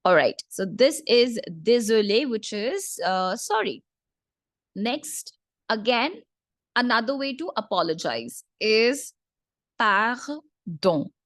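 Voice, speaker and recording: A woman teaching a French lesson in English, patiently repeating each word slowly for learners. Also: a little high, big pitch swings, no room sound, clean studio sound. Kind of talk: online language lesson.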